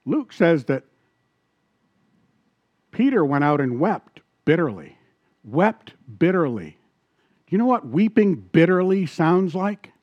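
A man preaching a sermon as pastor, animated and asking the congregation questions. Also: on the high side, slow pace, long pauses, no echo, muffled recording.

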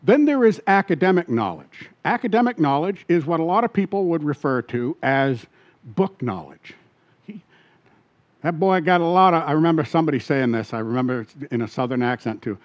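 A man's voice: a little high, very animated, a little fast, dull audio. A man preaching a sermon as pastor, often asking his listeners questions and repeating key points.

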